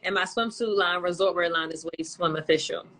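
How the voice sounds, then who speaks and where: A woman guest on a live interview, friendly and brief, answering with quick confirmations. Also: on the low side, fairly bright tone, rough recording. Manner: friendly, short affirming replies. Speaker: guest, model and entrepreneur.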